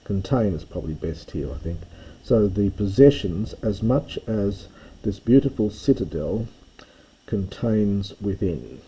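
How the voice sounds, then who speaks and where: Slow, husky low-voiced male teacher. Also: animated, warm tone, rough recording. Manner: thinks aloud, hesitant, with fillers and self-corrections. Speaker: classics teacher reading Greek text. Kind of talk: unscripted close-reading lesson.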